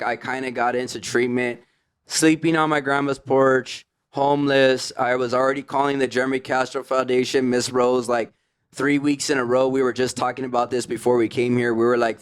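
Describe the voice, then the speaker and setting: A man's voice: mid-range voice, little pitch movement, moderate pace, clean tone. A man, a podcast guest in recovery, telling his story in casual slang, full of "like" and "you know what I mean".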